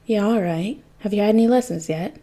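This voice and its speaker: A woman's voice: medium pitch, a little fast, mellow, close to an everyday voice. A woman voicing a wary teenage boy who answers tersely, his voice guarded and a little wobbly.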